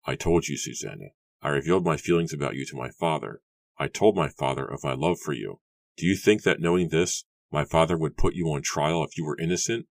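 A man voicing a cold, bitter young man who speaks in a low whisper. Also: fairly quick, creaky, no echo.

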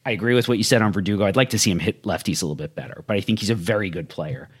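A man with a fairly low voice talks sports in a measured, analytical way. He lays out his argument steadily in casual conversation. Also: breathy edge.

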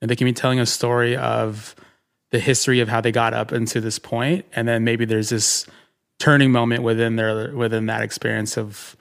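A man's voice: mid-range voice, little pitch movement, normal speed, gravelly. A man co-hosting a podcast, talking casually and rambling with lots of fillers while acting out his own thoughts. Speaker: podcast co-host and writer.

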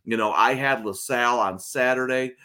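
A man's voice: medium pitch, normal speed, sharp tone, smooth. A man hosting a sports betting livestream, chatting casually over a video call and rambling with frequent restarts. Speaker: sports betting show host.

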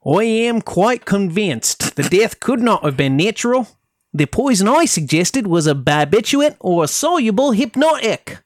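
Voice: mid-range voice, sing-song, moderate pace, no room sound, studio quality, pitched above the performer's own voice, close to an everyday voice. A podcaster doing a stiff pathologist, mock Cockney. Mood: grave. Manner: formal quoting in a put-on accent.

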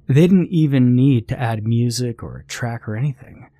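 A man narrating a first-person horror story in a steady, measured storytelling voice. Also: medium pitch, no echo.

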